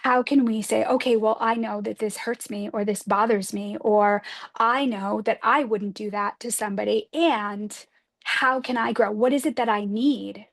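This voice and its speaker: A woman spiritual advisor in a livestream talk, speaking gently and earnestly, often posing reflective questions to her listeners. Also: medium pitch, fairly even intonation, moderate pace, creaky.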